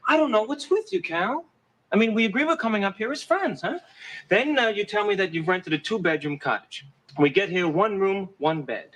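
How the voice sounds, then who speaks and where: A man's voice: high-pitched, animated, normal speed, a bit bright. An actor playing a dry-witted gay man who talks in a sardonic, patient way. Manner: dry, sardonic, then soothing. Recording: noisy 1970s TV soundtrack.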